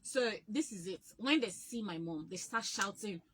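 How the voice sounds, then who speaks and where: A young Nigerian woman telling childhood stories in a casual chat, animated and laughing often. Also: mid-range voice, normal speed, slight background noise.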